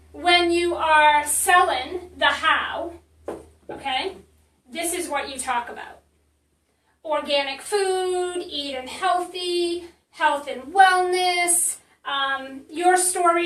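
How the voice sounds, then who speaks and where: A woman's voice: extremely high pitch, steady tone, a little slow, pushed and bright, echoey room, recorded from a distance, poor audio. A woman marketing coach teaching in a casual live stream, chatty and blunt, with many fillers and restarts.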